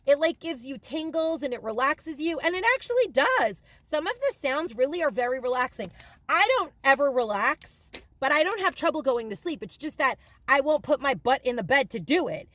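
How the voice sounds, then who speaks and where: A woman's voice: high-pitched, big pitch swings, normal speed, a bit bright, no room sound. A middle-aged woman vlogger telling a rambling story in casual chat, with many ums and likes. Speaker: haul vlogger.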